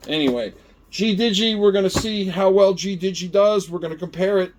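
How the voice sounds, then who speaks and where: A middle-aged gardening channel host with a high voice talks fairly quickly over slight background noise. Chatty and animated in this casual product-testing vlog, he talks to himself while trying out a gadget.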